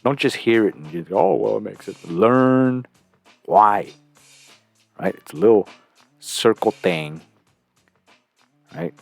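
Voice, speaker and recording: Brief: man, deep-ish voice, loose profane commentary, quiet music underneath. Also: sing-song, unhurried, creaky, long pauses, breathy edge, no echo. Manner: rambling, profane, chuckling often. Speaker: host reacting to a clip. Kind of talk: casual commentary.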